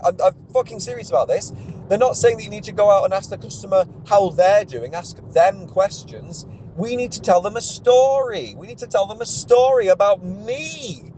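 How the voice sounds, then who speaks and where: A man's voice: on the high side, warm tone, slight background noise, rough recording. Sweary man ranting. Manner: exasperated, sweary, rambling with restarts. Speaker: car sales executive. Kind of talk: ranting vlog monologue.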